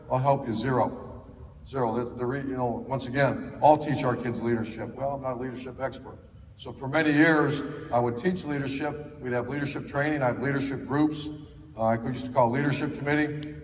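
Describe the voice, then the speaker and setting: Speaking at a football clinic, this Ohio man spins anecdotes in a folksy way, often restarting and leaning on fillers. His voice sits at medium pitch with a darkish tone. The mic is far off, picking up an echoey hall, faint ambience, and a bit of background noise.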